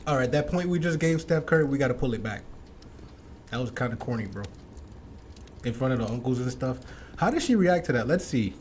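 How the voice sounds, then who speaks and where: A man's voice: medium pitch, expressive, fairly quick, pauses often, a little mellow, a little hiss or hum. A man hosting a casual reaction commentary, blunt and wry, talking slangily to his viewers. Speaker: commentary host.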